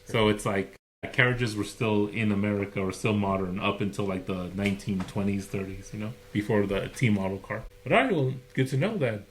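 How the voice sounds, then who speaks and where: Low-voiced rambling man on a podcast. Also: slight background noise. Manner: rambling, halting with many fillers. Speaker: podcast co-host. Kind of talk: casual chat.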